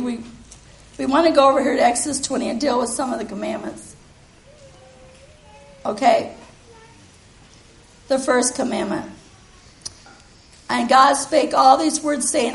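A woman preaching a sermon in a church, earnest and emphatic, with the congregation calling back responses. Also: high-pitched. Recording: echoey room.

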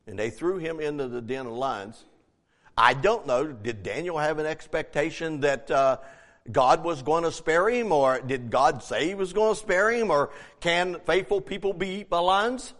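A man preaching a sermon, emphatic, dropping to a hush and then rising to near shouts. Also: fairly high pitch, moderate pace, big-room sound. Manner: emphatic, swings from hushed to shouting.

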